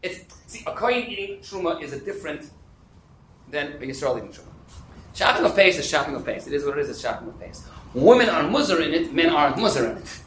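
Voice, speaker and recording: A man teaching a Talmud class, animated and quick, fielding questions and dropping in Hebrew and Yiddish terms. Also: a little high, echoey room, slight background noise, rough recording. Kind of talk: interactive class lecture.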